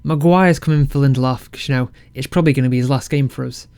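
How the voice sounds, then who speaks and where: A man casually commentating his football management game, excitable and self-mocking. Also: medium pitch, fast talker, clean tone, dry recording. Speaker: game let's-play creator.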